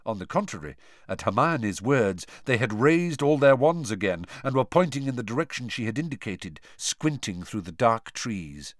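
A male audiobook narrator performs scripted narration of a story, dramatic and expressive. His voice is medium-pitched at a moderate pace, in a dry, studio-quality recording.

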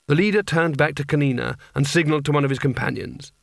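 A man narrating an audiobook in a dry, even storytelling manner. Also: a little high, fast talker, gravelly, no echo.

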